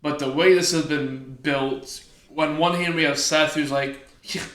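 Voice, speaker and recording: Dude on a wrestling podcast, bright voice, lots of ums and you knows, echoey room. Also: male voice, fairly high pitch, steady tone. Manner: halting, lots of fillers, enthusiastic fan. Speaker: podcast co-host. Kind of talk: casual wrestling chat.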